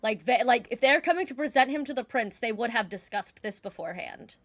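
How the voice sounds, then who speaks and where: A woman player in casual chat, eager and quick to jump in. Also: a little high, lively intonation, fairly bright tone.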